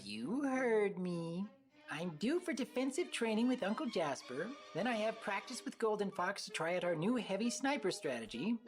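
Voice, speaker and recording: A woman's voice: medium pitch, very animated, moderate pace, soft background music, lightly acted. A woman voicing a playful, cheeky young female fighter with a teasing, breezy manner.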